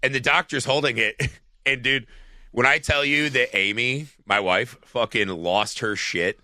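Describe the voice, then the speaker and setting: Bright-voiced man ranting about a movie. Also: medium pitch, unhurried, dry recording, clean studio sound. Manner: rambling, profane, heavy use of "like". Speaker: podcast co-host. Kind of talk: casual film discussion.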